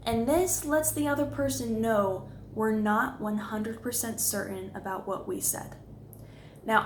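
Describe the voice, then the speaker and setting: Woman presenter, coaching tone, slightly high voice, roomy room. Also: a little hiss or hum. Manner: demonstrates voice inflection, conversational and explanatory. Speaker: communication coach. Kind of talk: instructional video lesson.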